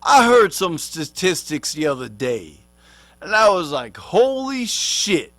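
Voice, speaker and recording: A man's voice: a little high, big pitch swings, a little slow, fairly bright tone, no echo. A man in a profane, rambling comic rant, full of street slang and swearing, who sometimes talks about himself in the third person. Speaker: vlogger.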